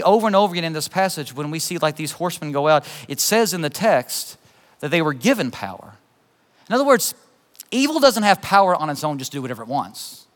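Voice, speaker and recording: A man preaching a sermon as pastor, passionate, swinging from urgent appeals to soft, quiet emphasis. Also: high voice. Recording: long hall reverb.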